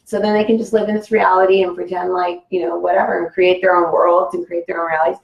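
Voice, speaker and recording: Rambling low-voiced woman in an echoey room. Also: flat delivery, fast talker, vocal fry, dull audio. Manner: rambling, full of "like" and "you know". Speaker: guest. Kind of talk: casual spiritual conversation.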